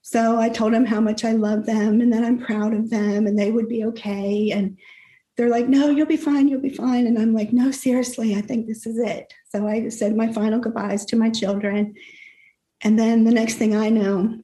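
A woman's voice: a little high, flat delivery, normal speed, dark tone, echoey room. A middle-aged woman recounting a frightening personal experience in an interview, earnest and emotional, often quoting her own thoughts. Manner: earnest, emotional retelling with quoted inner thoughts. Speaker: guest telling her story.

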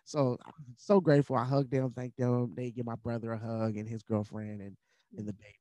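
A man's voice: medium pitch, little pitch movement, brisk, dark tone, no echo. A man, a podcast guest, telling a personal story in an earnest, candid conversational way, with fillers and moments of emotion.

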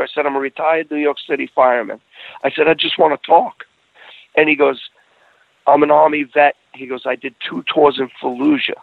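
Gravelly man on a tinny line. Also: on the high side, steady tone, brisk, no echo. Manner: earnest storyteller who restarts phrases and grows emotional. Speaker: guest telling a personal story. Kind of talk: casual conversation.

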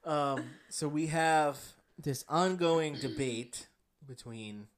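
A man with a New Jersey accent, co-hosting a podcast in casual chat, reading a story with a deadpan delivery and bursts of laughter. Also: on the high side, takes it slowly. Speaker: podcast co-host.

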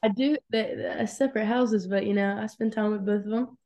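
A woman's voice: mid-range voice, steady tone, fairly quick, mellow, lo-fi sound. A young woman from Georgia, a guest athlete, chatting casually and easily on a podcast, with frequent laughs. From Georgia, USA.

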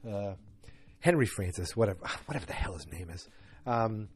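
A man's voice: on the low side, animated, normal speed, husky. A man hosting a podcast, giving a rambling, casual episode recap with lots of fillers and restarts. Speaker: podcast host.

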